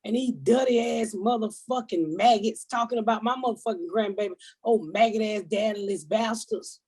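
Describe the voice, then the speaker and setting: An older woman hosting a comedy podcast, loud and profane as she vents in heated, casual storytelling. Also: fairly high pitch, fairly even intonation, moderate pace, husky. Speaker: host.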